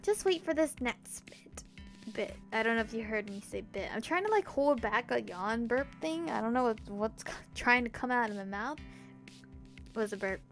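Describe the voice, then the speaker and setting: A woman's voice: fairly high pitch, lively intonation, normal speed, gravelly, faint music behind. A young woman reading a visual novel aloud as a game streamer, breaking off for chatty, self-deprecating asides.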